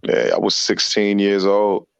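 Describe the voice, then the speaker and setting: A man's voice: on the low side, monotone, a little slow, gravelly, clean tone, no echo. A man in his thirties from Virginia, a comedian guest chatting playfully on a radio show and dropping into voices. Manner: playful, slips into impressions and voices. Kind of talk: casual radio interview chat. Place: remote call into radio show.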